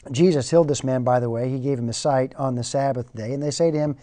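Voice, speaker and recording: A man's voice: medium pitch, fast, dark tone. A man preaching a sermon in a conversational way, often repeating words as he goes.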